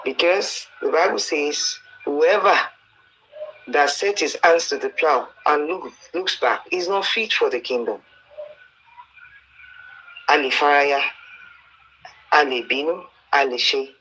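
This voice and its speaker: Earnest Nigerian male preacher, bright and pleading, recorded as a dull lo-fi voice note. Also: on the high side, slow, long pauses, a little hiss or hum. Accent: Nigerian, Yoruba-speaking. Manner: earnest, pleading, preachy, with Bible quotes and stories. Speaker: preacher addressing a campaigner. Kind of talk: exhortation mixing English and Yoruba.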